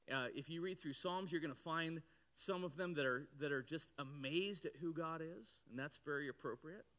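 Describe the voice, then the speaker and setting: A man with a bright, forceful voice sitting a little high preaches a sermon in a church. He talks conversationally to the congregation, then breaks into sudden loud cries to drive his point home. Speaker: pastor.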